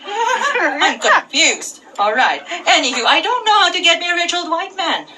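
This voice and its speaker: Lively high-voiced woman doing stand-up. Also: fairly quick. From Philippines. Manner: deadpan punchlines, laughs at own jokes. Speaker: stand-up comedian. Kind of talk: stand-up set. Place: comedy club stage. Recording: distant mic with audible noise.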